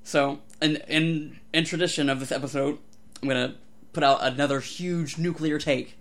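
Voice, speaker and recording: A man co-hosting a podcast, ranting with animated, profane energy. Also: fairly high pitch, normal speed. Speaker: podcast co-host. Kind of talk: casual chat.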